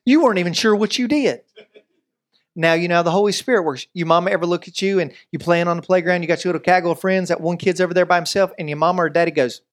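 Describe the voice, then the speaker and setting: A man preaching a conversational sermon as pastor, lively and joking, acting out everyday scenes as he goes. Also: sits high, fast talker.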